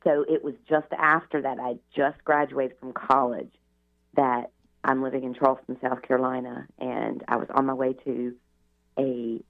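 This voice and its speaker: A woman's voice: very deep voice, level tone, normal speed, gravelly. A middle-aged woman, a radio interview guest, telling her life story in a chatty way, full of "you know" asides. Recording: tinny phone line on radio.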